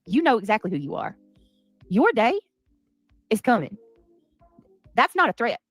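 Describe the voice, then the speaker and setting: A woman's voice: fairly high pitch, very animated, normal speed, husky, no room sound, faint music behind. A woman hosting a casual livestream, chatting and thanking her viewers by name. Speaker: livestream host.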